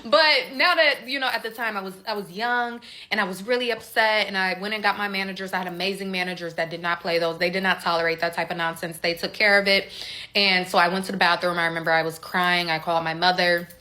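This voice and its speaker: A woman's voice: on the low side, steady tone, fast talker, pushed and bright. A young woman casually telling a personal story, candid and conversational, acting out quoted dialogue as she goes.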